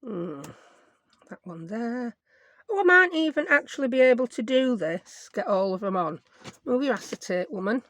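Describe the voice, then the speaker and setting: A woman's voice: a little high, big pitch swings, normal speed, a bit bright, dry recording. Rambling woman, craft vlogger, self-mocking home chatter. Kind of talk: casual chat while crafting.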